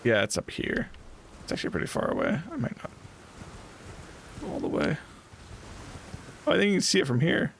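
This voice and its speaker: A playful male streamer gives relaxed, unhurried commentary over his game, his fairly high voice swinging wildly up and down. There's a gravelly edge to his tone, and a clear layer of background noise sits under the stream recording. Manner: playful, laughing, teasing the game. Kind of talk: casual live gameplay commentary.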